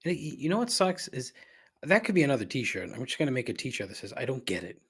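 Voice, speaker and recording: A middle-aged man hosting a podcast, rambling through a profane rant that climbs in pitch when he gets riled. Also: big pitch swings, fast talker, breathy edge. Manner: rambling and repetitive, swears freely, rises in pitch when riled. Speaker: podcast host. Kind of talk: casual profane ranting monologue.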